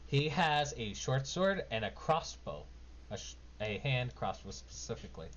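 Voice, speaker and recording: A man's voice: mid-range voice, animated, a little slow, fairly bright tone. A man running a tabletop game as game master, narrating casually and rambling with lots of fillers. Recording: dull lo-fi mic with faint noise.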